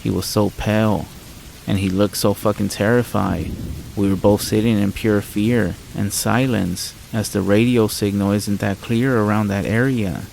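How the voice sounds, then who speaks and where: A man narrating a first-person horror story in a measured storytelling manner. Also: fairly low pitch, fairly even intonation, creaky, a little mellow, low-quality recording. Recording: faint rain noise behind voice. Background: rain sounds.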